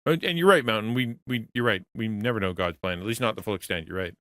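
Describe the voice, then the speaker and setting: A middle-aged man speaks earnestly to his livestream chat in a low voice. He rambles, stops and starts, and repeats words as he thinks aloud. The sound is close and dry, with no room echo. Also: fast talker, fairly bright tone. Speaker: streamer and pastor to creators. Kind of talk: casual livestream talk with chat.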